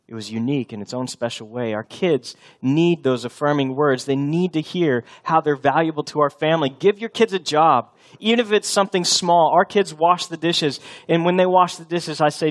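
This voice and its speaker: Man, pastor, sermon, higher-pitched voice, chatty storytelling. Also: moderate pace. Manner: storytelling, conversational with the congregation.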